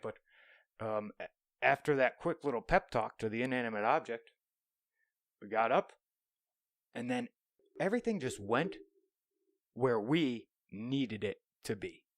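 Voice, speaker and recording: A young man hosts a podcast on his own, a profane storyteller who rambles and sometimes drops into whispers. His voice sits in the mid range, recorded dry in a small room.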